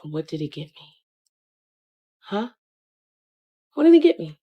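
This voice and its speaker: A woman's voice: medium pitch, sing-song, a little slow, breathy edge, highs cut off. A woman in her forties giving an intense, emotional monologue that builds in force.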